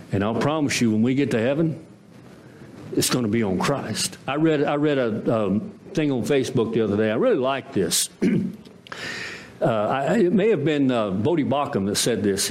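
A man's voice: medium pitch, slight background noise. A man preaching a sermon as pastor, emphatic and full of rhetorical questions and repeated phrases.

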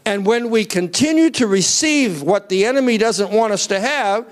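A man preaching a sermon to a congregation in an animated way, asking for raised hands and building up to near-shouts. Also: sits high, normal speed. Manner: asks the crowd to raise hands.

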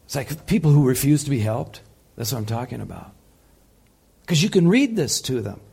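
A man preaching a sermon, impassioned, swinging between loud peaks and soft, quiet passages. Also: mid-range voice, big pitch swings, moderate pace, vocal fry, slightly rough. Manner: impassioned, rising loud then dropping soft. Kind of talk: sermon teaching.

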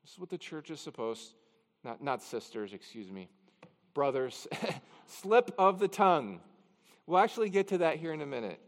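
A man's voice: fairly high pitch, very animated, normal speed, long reverb tail. A man pastor preaching a conversational expository sermon, with chatty, self-deprecating asides. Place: church sanctuary.

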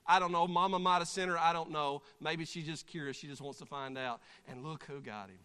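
A man preaching a sermon, staging a live acted illustration with congregation members and breaking into shouted voices of the story's figures. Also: on the high side, a little fast, smooth. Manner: animated, acts out voices and shouts during the story. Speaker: pastor. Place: church sanctuary. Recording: long church hall reverb.

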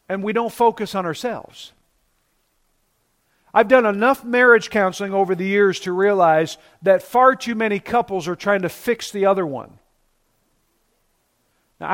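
High-voiced man preaching with emphasis. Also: fairly bright tone. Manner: emphatic preaching, slowing down to stress key words. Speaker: pastor. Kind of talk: sermon.

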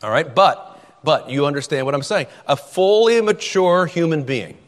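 A man's voice: on the high side, expressive, normal speed, big-room sound. A man preaching a sermon, emphatic and repeating words as he drives his points home.

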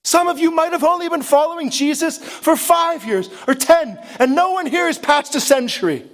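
A man's voice: very high voice, moderate pace, a bit bright. A man preaching a sermon in a church, impassioned and full of rhetorical questions. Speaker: pastor.

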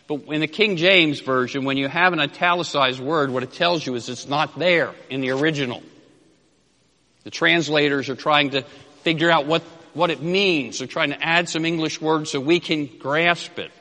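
A man preaching an expository sermon, emphatic and repeating key phrases, dropping low at the ends of phrases and reading scripture slowly. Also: sharp tone. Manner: reads scripture slowly and deliberately. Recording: long hall reverb.

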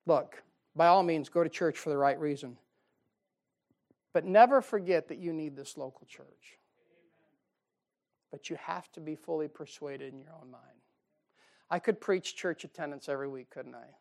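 A middle-aged man preaches to his congregation in a homespun, joking manner. His voice climbs into loud, emphatic bursts, then drops low for quiet asides. He sounds like a pastor at the pulpit of his church. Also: moderate pace, long pauses. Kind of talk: sermon. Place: church sanctuary.

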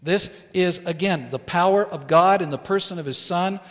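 A man preaching a sermon as pastor in a church, earnest and deliberate, pausing to stress key words. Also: sits high, big-room sound. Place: church sanctuary.

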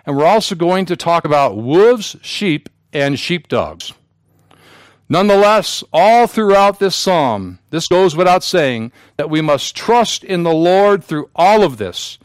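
A man's voice: fairly high pitch, very animated, takes it slowly, no echo. A male pastor preaching a sermon to his congregation, with solemn emphasis and repetition. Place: church sanctuary.

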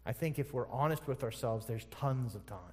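A pastor delivers a sermon at a fairly quick pace, posing rhetorical questions and shifting between quiet, low passages and loud, forceful ones. The sound is that of a big room.

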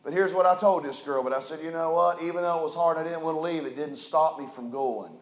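A male pastor preaching a sermon, moving from quiet storytelling to loud, emphatic rises. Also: fairly high pitch, quick pace. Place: church hall. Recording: echoey church room.

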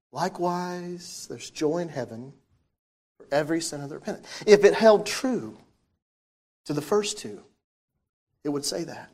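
Preacher, mid-range voice, reads scripture then unpacks it with questions to the room, swings from loud to hushed. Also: mid-range voice. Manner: reads old-style scripture aloud, then explains it with questions to the listeners; shifts often between loud emphasis and soft, hushed delivery. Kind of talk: sermon with scripture reading.

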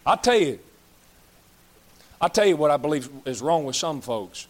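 A man's voice: fairly high pitch, animated, normal speed, long pauses. A man, preaching a blunt, folksy sermon as pastor, scolding and joking with his congregation. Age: 30s. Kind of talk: fiery sermon.

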